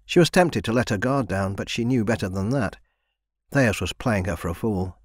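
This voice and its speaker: A male narrator with a lowish voice reads a fantasy audiobook in an even, measured way. The recording is close and dry. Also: slightly rough, no echo. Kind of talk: scripted narration.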